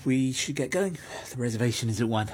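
A man's voice: medium pitch, animated, quick pace, a little mellow, natural voice. A stammering, beaten-down husband, played by a man in a screen drama. His speech breaks into hesitant restarts, and there is a faint hiss under the voice. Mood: affectionate. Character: man, henpecked husband with a fake job. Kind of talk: TV drama acting.

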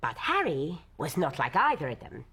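An actress playing a tough, worn-down middle-aged housewife who talks bluntly and plainly about hard times. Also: female voice, sits low, huge pitch swings, moderate pace, fairly bright tone, slightly rough, heavily acted. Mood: weary. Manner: blunt, matter-of-fact, worn down. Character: tough weary working-class London housewife. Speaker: wife and host of old friends. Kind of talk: stage drama dialogue.

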